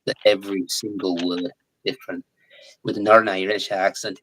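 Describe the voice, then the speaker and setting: English guy, 40s, deep husky voice, chatty live chat guest. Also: normal speed, rough recording. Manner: chatty and animated, laughs often, with restarts. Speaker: guest actor.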